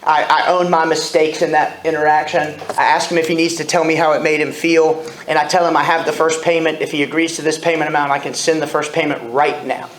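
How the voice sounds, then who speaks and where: A man's voice: on the high side, level tone, a little fast, few pauses, fairly bright tone, a little hiss or hum. A man in his forties, speaking at a recovery meeting and telling his story candidly, with self-deprecating humor. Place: meeting room. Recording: echoey room with faint ambience.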